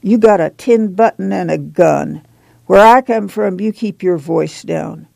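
A woman's voice: medium pitch, measured pace, creaky, darkish tone, no room sound. A woman playing a tough, weary migrant mother. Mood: defiant. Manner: folksy rural drawl, plain and firm. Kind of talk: audiobook dialogue reading.

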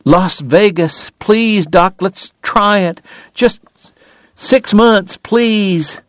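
A man's voice: sits high, extremely slow, no room sound, clean studio sound, pitched above the performer's own voice. A man voicing a tearful young woman who begs her dying lover not to leave her. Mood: begging. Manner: begging, sobbing, bitter.

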